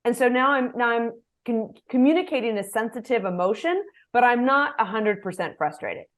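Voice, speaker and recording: A middle-aged woman coaching leaders in an interview, her voice sitting a little high. She talks in a lively way and slips into short acted example phrases to make her points. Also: normal speed. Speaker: guest, executive coach. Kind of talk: interview answers.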